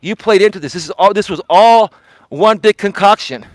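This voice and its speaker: A man's voice: sits high, normal speed, no echo. A man, a life coach hosting his livestream, ranting confrontationally outdoors on a walk, repeating himself and swearing. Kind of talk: heated livestream rant.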